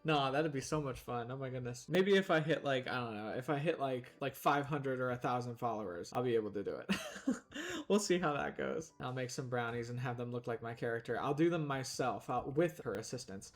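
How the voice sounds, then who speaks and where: A man's voice: medium pitch, a little fast. A young man casually commenting on his building game, chatty and rambling, sometimes talking between bites of food. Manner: chatty, rambling, talks while eating. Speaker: gaming streamer.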